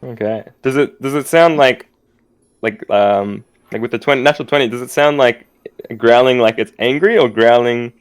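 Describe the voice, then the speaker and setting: A man's voice: medium pitch, moderate pace, clear, resonant tone. A man playing in a tabletop game over voice chat, talking hesitantly with many fillers as he plans his moves. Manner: hesitant, full of um and like. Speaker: player. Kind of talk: casual game talk.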